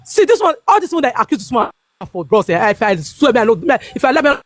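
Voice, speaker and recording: Recorded in studio quality with no room sound, a Nigerian woman in her fifties talks quickly in a fairly high voice with big pitch swings. Her casual talk in Pidgin-laced English is heated and repetitive, and she keeps checking with "you understand me?"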